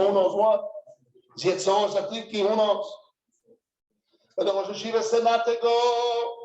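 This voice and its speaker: High-voiced man telling a dramatic tale. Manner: animated, dramatic retelling. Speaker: rosh yeshiva. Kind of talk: storytelling lecture. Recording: echoey room, dull sound.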